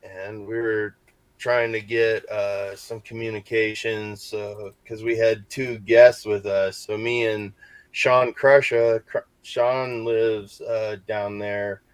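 A man's voice: fairly low pitch, flat delivery, takes it slowly, smooth, no echo. A man who investigates hauntings, telling a story in casual podcast chat and rambling through fillers and restarts. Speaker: paranormal investigator.

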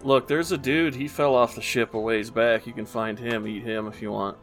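A man's voice: mid-range voice, steady tone, normal speed, fairly bright tone, faint music behind. Blunt man at a tabletop game. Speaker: player. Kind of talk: casual tabletop game chat.

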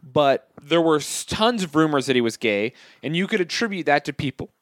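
A man's voice: fairly high pitch, big pitch swings, a little fast, a bit bright, no room sound, studio quality. A man co-hosting a casual, crude comedy chat, rambling and swearing freely while he has the hiccups. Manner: profane, rambling, jokey. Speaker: podcast co-host.

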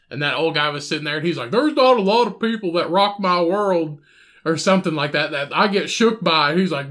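A high-pitched man tells a bar story with a lot of cursing, slipping into quick voices for the people in it. His talk rambles, with restarts, and it has the easy feel of a podcast chat between friends. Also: fairly bright tone. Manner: profane, rambling, acts out other people's voices. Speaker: podcast host.

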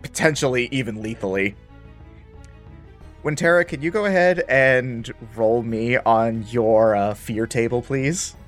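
A man's voice: medium pitch, a little slow, faint music behind. A man running a tabletop role-playing game as game master, narrating the scene vividly and playfully.

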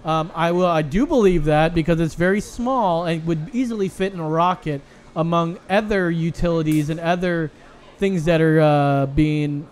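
A man's voice: fairly high pitch, normal speed, a little mellow. A man co-hosting a casual comedy podcast, joking and reading comments aloud in put-on voices. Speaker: podcast co-host.

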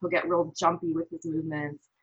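A woman's voice: low-pitched, a little fast, slightly rough, highs cut off. A woman from the American Midwest, a guest on an interview show, telling a story animatedly and acting out what others said. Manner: animated, quotes others in lively voices. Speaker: guest, parent.

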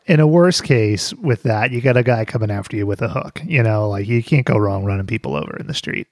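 A man's voice: lowish voice, a little fast, darkish tone, no room sound, studio quality. A man co-hosting a podcast, chatting casually and cracking jokes. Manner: joking, playful, laughs often. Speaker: podcast co-host. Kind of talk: casual chat.

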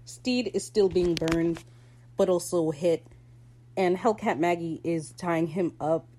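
Lively slangy woman recapping a show. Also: fairly low pitch, slow pace, slight background noise. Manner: animated, slangy, bursts into laughter. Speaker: podcast host. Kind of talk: casual recap chat.

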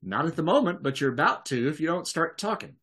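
A man's voice: fairly high pitch, sing-song, fast talker, fairly bright tone, voice pushed up. A man doing Seth Gecko, raised-voice tough. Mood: confrontational. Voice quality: profane, blunt drawl. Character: brash foul-mouthed male criminal, gun-toting and tough.

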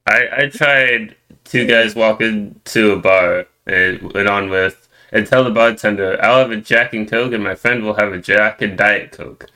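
A man's voice: on the low side, a little slow, hardly any pauses, pushed and bright, poor audio. A man chatting casually with friends, reacting in a dry, understated way. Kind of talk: casual chat.

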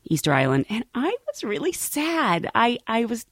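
A woman telling travel and airline stories in a casual, animated way, often laughing. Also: a little high, moderate pace, husky, dry recording, studio quality. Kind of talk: casual storytelling.

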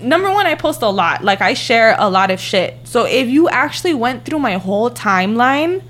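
A young woman with a slightly high voice tells a story at a moderate pace in casual chat. She's profane, says "like" constantly, and retells events in an animated way.

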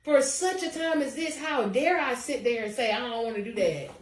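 A woman co-hosting a casual faith chat, animated and testifying, laughing often. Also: on the high side, moderate pace. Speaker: podcast co-host. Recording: roomy sound from a distance.

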